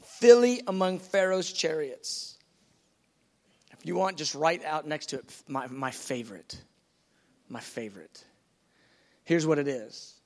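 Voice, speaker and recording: High-voiced man preaching a sermon. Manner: animated, acts out quotes, conversational. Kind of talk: teaching sermon.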